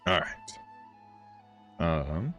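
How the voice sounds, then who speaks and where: A man's voice: deep voice, sing-song, very slow, a bit bright, faint music behind. A man streaming a game, chatting casually and rambling with his viewers. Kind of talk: casual livestream chat.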